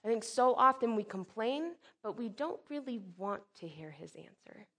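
Expressive woman preaching a sermon. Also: fairly high pitch, normal speed. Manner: expressive, swings from loud emphatic to soft hushed; acts out quoted speech with sudden bursts.

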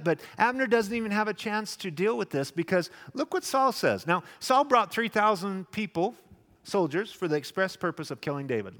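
A man preaching a sermon, dramatic, acting out the quotes loudly and then dropping to a hush. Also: high-pitched. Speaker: pastor. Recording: long echoing reverb of a large hall.

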